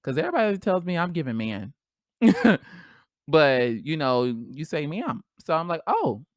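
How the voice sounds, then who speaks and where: A woman hosting a podcast solo, talking in a casual, animated, slangy way and laughing often. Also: low voice, unhurried, dry recording, clean studio sound. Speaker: podcast host.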